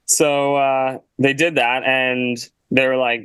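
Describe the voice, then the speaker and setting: A man's voice: mid-range voice, level tone, slow pace, few pauses, a bit bright, clear, resonant tone, dry recording, rough recording. A young man, a guest musician, telling a casual story in a laid-back way, full of "like" and "you know.". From Canada.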